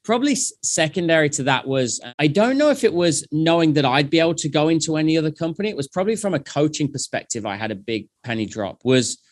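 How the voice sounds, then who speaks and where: A man, a company founder, telling animated stories and acting out past conversations in a casual interview. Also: a little high, quick pace, hardly any pauses, dry recording, clean studio sound.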